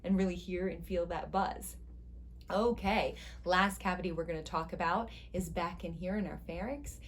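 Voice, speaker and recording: A woman's voice: fairly low pitch, moderate pace, slight background noise. A woman voice teacher giving an instructional singing lesson, guiding step by step with encouragement.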